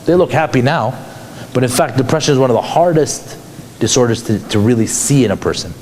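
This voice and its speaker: Animated male lecturer, lively pitch. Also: fast talker, slight background noise. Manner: animated, asks many rhetorical questions. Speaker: psychologist teaching a class. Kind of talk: conversational lecture.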